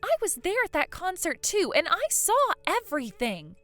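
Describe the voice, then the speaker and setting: Woman playing a squeaky teen girl, super high and bouncy, dry sound, blurts stuff out. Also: huge pitch swings, normal speed, fairly bright tone, no echo, faint music behind, exaggerated voice. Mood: reproachful. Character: excitable teenage granddaughter, piano fan. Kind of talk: voiced text-story drama.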